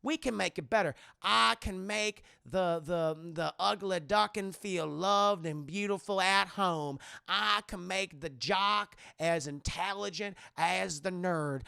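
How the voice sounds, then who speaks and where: A pleading alien queen woman, slow and drawn-out, pitched well above her performer's own voice, as a man puts her on. The sound is dry, bright and gravelly. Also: no room sound, heavily acted. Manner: slow, pleading, swelling louder. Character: seductive female alien queen monster, pleading.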